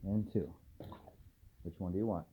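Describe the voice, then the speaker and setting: A low-pitched man speaks softly and soothingly to his dogs. He is a dog trainer filming a casual vlog at home at night. The sound is thin and phone-like, with a faint hiss underneath. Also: fairly even intonation, normal speed. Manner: soft, soothing murmurs to the dogs.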